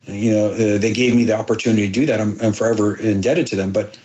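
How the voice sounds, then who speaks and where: A middle-aged actor in an interview, telling emotional stories earnestly, halting with many restarts and quoting others' dialogue. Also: male voice, on the low side, steady tone, a little mellow, poor audio. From abroad, moved to the United States as a child. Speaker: actor guest.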